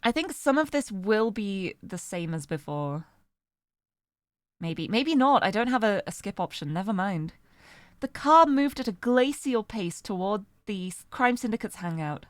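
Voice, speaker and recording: A woman's voice: mid-range voice, big pitch swings, unhurried, no room sound. A woman streamer reading a story game aloud, narrating expressively and breaking off to laugh and comment.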